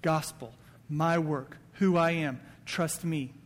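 High-voiced man preaching in a hall. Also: steady tone, slow. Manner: conversational preaching with quoted asides. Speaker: pastor. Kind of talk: sermon. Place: church sanctuary.

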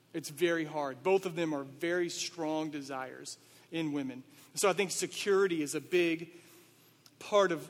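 A man's voice: on the high side, in a large hall. A man, a pastor, preaching a sermon in a conversational way, asking his listeners rhetorical questions.

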